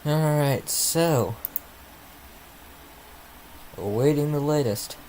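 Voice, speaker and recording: Drawing out his words in a somewhat high, darkish voice, this livestream host sounds drowsy and keeps yawning. He rambles and mutters through informal live commentary as he waits for updates, captured on a low-quality recording with a little background noise.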